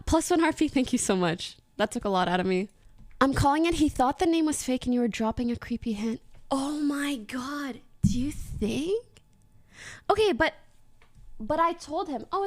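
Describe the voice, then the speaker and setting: Young woman streamer, high and lively voice, giggly casual storytelling to her chat. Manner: giggly, animated storytelling with lots of laughter.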